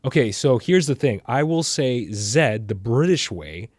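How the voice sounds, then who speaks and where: A man's voice: medium pitch, very animated, normal speed, darkish tone, no room sound, clean studio sound. A man from Canada with a Canadian accent, a podcast producer in casual chat. He speaks earnestly and emphatically, often repeating his point.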